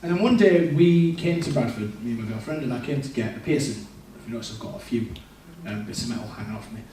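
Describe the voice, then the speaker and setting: A man's voice: medium pitch, expressive, quick pace, dark tone, slight background noise. Man telling his story in an echoey hall. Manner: candid, storytelling, quotes his past self. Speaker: speaker giving a testimony. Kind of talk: personal testimony in a church service. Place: large echoey church hall. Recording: echoey church hall, distant mic.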